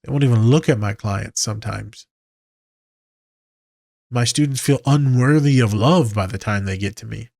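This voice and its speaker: A man's voice: medium pitch, normal speed, gravelly, pauses often, darkish tone, no room sound, clean studio sound. A man, a therapist hosting a podcast, talking casually, candid and profane with a joking edge.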